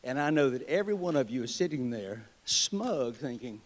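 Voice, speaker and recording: A man's voice: mid-range voice, big pitch swings, normal speed. A man with a Southern US accent, a state treasurer giving a convention speech, telling wry, joking stories in a folksy way. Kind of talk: political speech with folksy storytelling. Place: convention hall.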